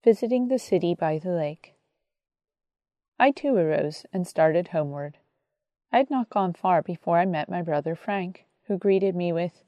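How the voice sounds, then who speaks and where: A woman narrating an audiobook in a calm, reverent reading voice. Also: on the low side, normal speed, no echo, muffled recording.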